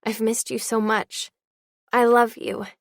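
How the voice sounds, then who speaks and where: A woman's voice: a little high, flat delivery, slow, vocal fry, no room sound, clean studio sound. Holly, a woman voicing a pleading teen girl. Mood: earnest. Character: teenage girl, heartfelt and apologetic.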